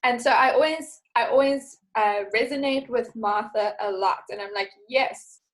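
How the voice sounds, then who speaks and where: A woman guest in a casual faith chat, telling a story in an animated way and acting out the voices in it. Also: on the high side, normal speed, low-quality recording. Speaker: podcast guest.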